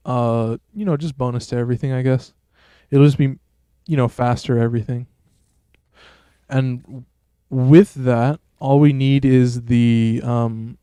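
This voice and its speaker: A man's voice: mid-range voice, mellow, clean tone, no room sound. A man streaming a game, chatting casually and rambling in a laid-back, slangy way. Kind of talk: casual gameplay commentary.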